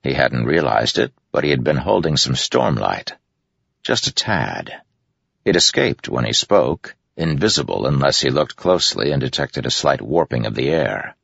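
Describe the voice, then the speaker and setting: A man narrates a story in an expressive, scripted delivery. His voice sits extremely low with a gravelly rasp and a lively, animated melody. The recording is dry and somewhat muffled. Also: normal speed, hardly any pauses, dry recording. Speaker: audiobook narrator. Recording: dry, dull lo-fi sound.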